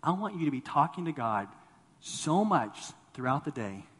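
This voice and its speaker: A man preaching a sermon in a slightly high, husky voice. He swells to loud, urgent bursts and then drops low and quiet. A long hall reverb trails after his words. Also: very animated, normal speed. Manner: repeats words when starting a thought. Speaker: pastor.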